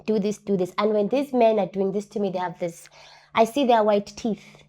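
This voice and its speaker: A woman's voice: medium pitch, normal speed. Woman, interview guest, personal testimony; mid-range voice, earnest, repeats lines for weight. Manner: earnest, repeats key phrases for emphasis; acts out other people's words in lively voices.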